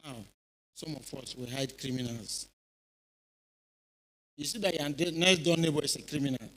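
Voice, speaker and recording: Nigerian man in middle age, slightly high voice, animated storyteller, keeps asking the crowd if they follow. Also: normal speed, poor audio. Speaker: retired police officer speaking at a youth event. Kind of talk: informal speech to a youth audience. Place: church hall.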